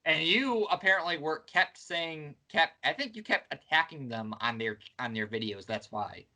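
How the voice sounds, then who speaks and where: Bright-voiced young man, rambling. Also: fairly high pitch, lively intonation, moderate pace. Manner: rambling, self-interrupting, wry. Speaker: channel host. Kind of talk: casual reminiscing chat.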